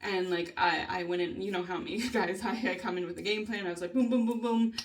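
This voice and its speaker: A woman's voice: on the low side, fairly even intonation, brisk, recorded from a distance, a little hiss or hum. A woman vlogger venting in a rambling, casual way, swearing heavily and laughing often between thoughts. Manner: rambling, heavy swearing, frequent nervous laughter.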